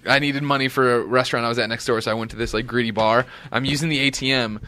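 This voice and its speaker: A man hosting a podcast, playful and brisk, chatting casually and rattling off show plugs. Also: mid-range voice, fairly even intonation, bright, forceful tone. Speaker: podcast host.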